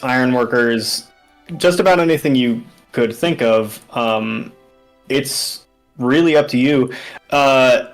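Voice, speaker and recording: A man narrates a tabletop game as game master at a mid pitch. He rambles and fills his pauses with "um" and "like". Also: low-quality recording. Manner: rambling, with many fillers.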